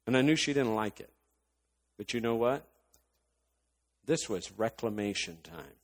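A man preaching a sermon in an animated storytelling style, building to impassioned rants, with long hall reverb. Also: fairly low pitch, measured pace.

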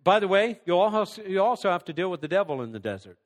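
A middle-aged male pastor preaching a sermon, swinging between loud emphatic lines and hushed near-whispers. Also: high-pitched, big pitch swings, fast. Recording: long hall reverb.

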